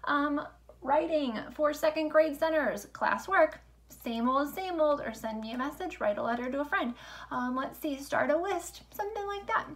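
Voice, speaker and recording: A woman teaching a remote lesson to young children, upbeat and sing-song, speaking slowly and clearly. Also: high voice, animated. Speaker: elementary school teacher.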